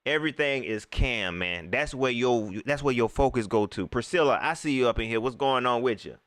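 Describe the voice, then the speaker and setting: A man's voice: mid-range voice, expressive, fairly quick, fairly bright tone, no echo. A man hosting a live post-game stream, ranting about his team and reading out viewer comments. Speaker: livestream sports commentator.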